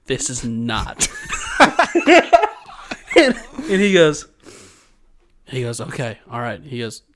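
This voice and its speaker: A man's voice: fairly high pitch, a bit bright. Rambling, laughing male podcast host. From Georgia, USA. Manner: rambling storyteller, laughs often. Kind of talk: casual chat.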